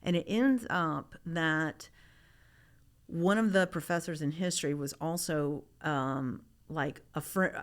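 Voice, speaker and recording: A middle-aged woman artist from Memphis, Tennessee, speaks casually as an interview guest, rambling and restarting often. Her voice is low and her pace slow.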